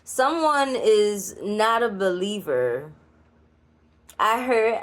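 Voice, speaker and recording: She's a spiritual card reader speaking with a New York Puerto Rican accent, chatty and blunt with laughing asides as she delivers a channeled reading. Her voice is a little high and animated, the pace slow, and she records alone as a creator.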